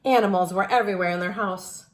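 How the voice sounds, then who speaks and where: A woman's voice: medium pitch, fast. A woman reading a children's picture book aloud, adding small lessons for young listeners. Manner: warm, lesson-minded aside to children. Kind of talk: children's story read-aloud.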